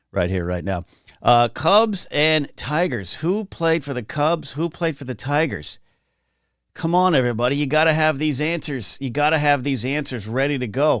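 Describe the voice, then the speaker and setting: A man's voice: mid-range voice, a bit bright, no room sound, studio quality. A man hosting a casual morning livestream, rambling and reading viewer comments aloud from his home. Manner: chatty, rambling, reads chat aloud. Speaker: livestream host. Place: home, in California.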